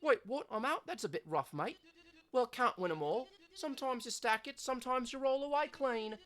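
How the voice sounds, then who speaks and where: Brash Australian skater girl, cocky and loud, voiced by a woman with a lively, bouncing pitch. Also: moderate pace. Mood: good-natured. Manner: loud, boisterous slang-filled banter.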